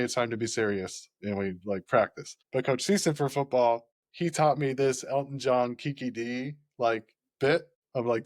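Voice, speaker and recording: A man's voice: medium pitch, no room sound, clean studio sound. A man chatting casually on a podcast, rambling and often laughing, with lots of "like" in his speech. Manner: rambling and laughing, heavy use of "like".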